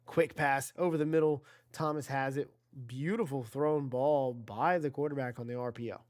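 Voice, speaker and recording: A man's voice: medium pitch, steady tone, moderate pace, darkish tone. A man giving casual play-by-play commentary on an online video game football league, chatty and self-correcting, talking to his chat and rising on big plays.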